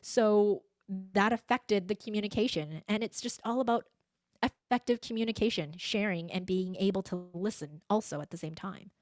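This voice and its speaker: A middle-aged woman chatting on a podcast, telling personal stories in a lively way and acting out what people said. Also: medium pitch, normal speed, no room sound. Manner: animated storyteller who acts out quoted speech. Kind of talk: casual podcast conversation.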